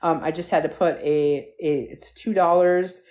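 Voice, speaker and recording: A woman with a low voice hosts a relaxed live stream into her phone. She rambles from topic to topic and keeps breaking off to thank viewers. Her talk is loose and chatty. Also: unhurried. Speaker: livestream host. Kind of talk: casual live stream chat. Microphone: phone livestream.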